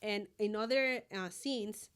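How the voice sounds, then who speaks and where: A woman's voice: mid-range voice, slow pace, smooth. Bilingual woman retelling a story. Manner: switches between English and Spanish mid-sentence, animated retelling. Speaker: podcast co-host. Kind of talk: casual chat.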